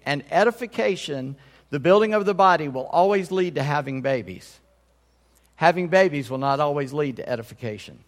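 A man's voice: fairly high pitch, big-room sound. A man pastor preaching a sermon in a conversational way, often checking in with his congregation.

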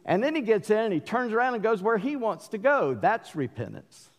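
A middle-aged man with a Southern accent preaching a sermon, mixing forceful emphatic bursts with folksy asides. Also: high-pitched, very animated, brisk. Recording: long hall reverb.

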